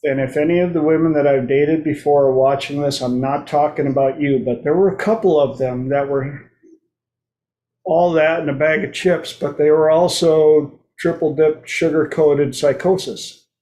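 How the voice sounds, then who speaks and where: A man's voice: fairly high pitch, steady tone, normal speed, warm tone. A man hosting his own talk show, speaking in a loose, playful monologue and acting out quoted voices now and then. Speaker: host. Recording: roomy echo.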